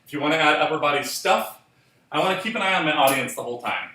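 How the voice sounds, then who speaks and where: Guy teaching a dance class, bright voice, counting steps out loud, echoey room with the mic way off. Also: on the high side, expressive, fast talker, recorded from a distance. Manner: counts and scats steps aloud while demonstrating.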